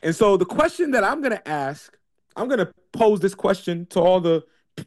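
A man's voice: high voice, very animated, moderate pace. A man talking in a casual monologue. He hesitates with many fillers and then builds to emphatic, repeated questions. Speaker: speaker.

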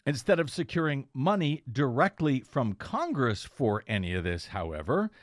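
A man's voice: medium pitch, big pitch swings, normal speed, no room sound, studio quality. A man hosting a political talk radio show, delivering a sardonic, pointed monologue. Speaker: radio host and investigative blogger.

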